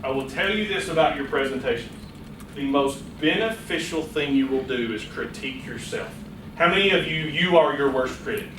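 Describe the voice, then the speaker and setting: A man giving a lively, playful public speaking workshop to a small audience in a meeting room, speaking straight to them. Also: medium pitch, moderate pace, noisy background. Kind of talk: live workshop lecture. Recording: echoey room, voice from a distance.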